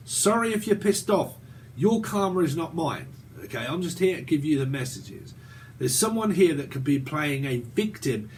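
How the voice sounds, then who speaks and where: A man in his forties with a British accent talks through a tarot reading in a loose, rambling way, swearing freely and breaking into laughter. His voice sits fairly high for a man. A faint noise runs under the recording. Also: animated, a little slow. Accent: British English. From Britain. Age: 40s. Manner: profane, rambling, laughs often. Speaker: tarot reader. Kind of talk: casual tarot reading monologue.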